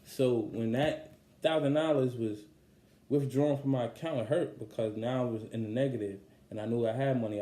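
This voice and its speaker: A young man tells a personal story in a loose, conversational podcast monologue. His voice is mellow and relaxed and sits at a middle pitch. The room around him is echoey. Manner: conversational, many fillers, animated when upset. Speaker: podcast host and songwriter.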